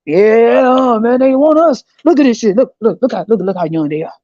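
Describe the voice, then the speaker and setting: A woman voicing cocky, boastful young men abroad, low and smug. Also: fast, warm tone, no echo, close to an everyday voice. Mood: hyped. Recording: dry, slightly dull recording.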